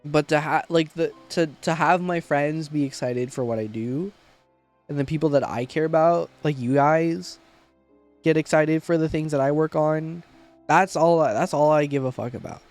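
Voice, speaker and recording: A man's voice: fairly high pitch, normal speed, darkish tone, soft background music. Rambling, swearing young man streamer. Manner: rambling, heartfelt, swears a lot. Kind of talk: casual livestream chat.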